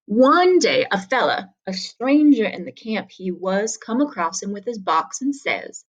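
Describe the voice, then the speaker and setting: A woman's voice: mid-range voice, big pitch swings, unhurried, few pauses, lo-fi sound. A woman summarizing a story in a casual, conversational way and then reading it aloud. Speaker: reader.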